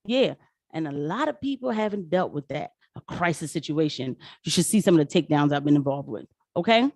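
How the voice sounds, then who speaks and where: A woman commenting on a live stream in casual slang, animated and laughing often. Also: low-pitched, brisk, no room sound, clean studio sound.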